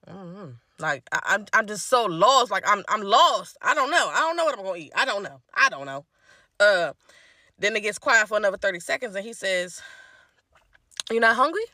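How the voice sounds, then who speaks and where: Woman ranting a storytime, lively swoopy voice, bright and close. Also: medium pitch, brisk, dry recording. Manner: animated, exasperated storytelling. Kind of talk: casual storytime.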